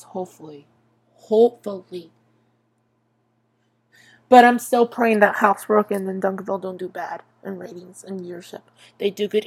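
With a mid-range, slightly rough voice, a young podcast host talks casually about TV. Her monologue wanders, breaking off and starting over again and again, laced with free swearing, and her voice comes across strained and weary.

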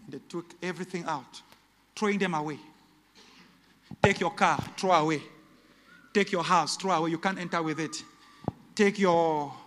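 A male pastor, preaching a sermon that swings between shouted peaks and hushed, low passages. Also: long reverb tail.

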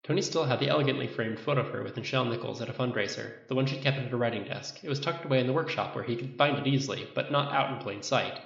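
A man reading a fan fiction story aloud, narrating in a lively way and raising his voice for the dialogue. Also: medium pitch, fast talker, gravelly, hardly any pauses, husky, dull audio. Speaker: audiobook narrator.

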